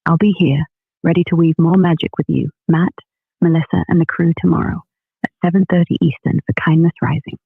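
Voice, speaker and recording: A synthetic woman's voice with a northern English lilt chats in breezy, slangy British banter. Her tone is gravelly and a little husky. It comes through a dry, tinny, phone-like line. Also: fairly low pitch, fairly even intonation, brisk, no echo. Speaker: AI co-host. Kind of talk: cheerful synthetic chat sign-off.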